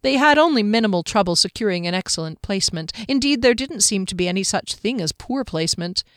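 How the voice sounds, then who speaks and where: A woman narrating a fantasy story aloud in a steady, even storytelling manner. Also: mid-range voice, fast, clear, resonant tone, no room sound, clean studio sound. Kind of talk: audiobook narration.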